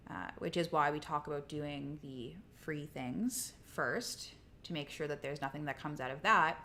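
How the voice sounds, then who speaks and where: A woman's voice: low voice, moderate pace, sharp tone, slight background noise. A woman co-hosting a casual livestream chat, talking in a conversational way with frequent restarts. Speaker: co-host.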